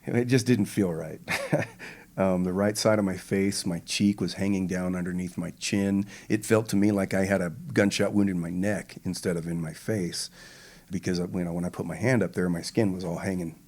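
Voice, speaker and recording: An older man, a retired pararescueman, retelling his combat experience as a podcast guest in a slow, measured and vivid way. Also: low voice, steady tone, a little mellow. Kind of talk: interview storytelling.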